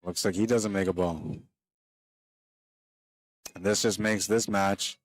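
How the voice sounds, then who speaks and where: A man sounding a touch weary late in the day gives easygoing, chatty play-by-play of a pool game, talking right to viewers on the stream. His voice sits low, he speaks slowly with frequent pauses, and there's no room sound.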